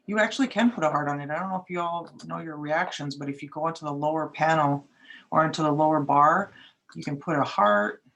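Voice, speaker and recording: A workshop facilitator speaks over a video call, casual and friendly. The voice is gravelly, with a mid pitch. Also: brisk, fairly bright tone. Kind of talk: leading an online training session.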